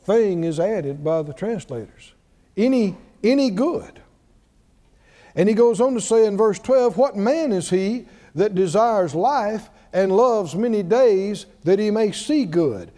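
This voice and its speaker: A man's voice: sits high, animated, slow pace, mellow, long reverb tail. A man preaching a sermon, drawing call-and-response from the congregation with emphatic, repeated lines.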